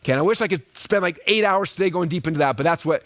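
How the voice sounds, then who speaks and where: A man in his thirties teaching a live online marketing webinar, telling stories quickly and with energy, often checking in with "right?" and "okay?". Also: sits high, no room sound. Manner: fast, energetic storytelling with lots of "right?" and "okay?".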